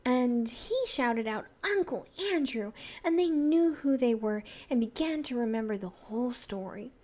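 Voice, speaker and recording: A woman reading a children's novel aloud in a soft voice, gently voicing the children. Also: fairly high pitch, normal speed. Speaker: reader.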